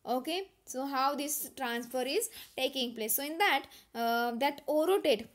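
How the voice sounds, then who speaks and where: Young indian woman teaching, high voice, lots of uhs and okay? checks, mixes languages. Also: expressive, measured pace. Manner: mixes English with Marathi and Hindi, frequent fillers and "okay?" check-ins. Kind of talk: lecture.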